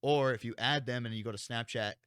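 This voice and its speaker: This podcast co-host is a young man with a medium-pitched voice that runs a little fast, recorded in clean, echo-free studio quality. Chatting casually, he spins a story with plenty of swearing and animated impressions of people's quotes.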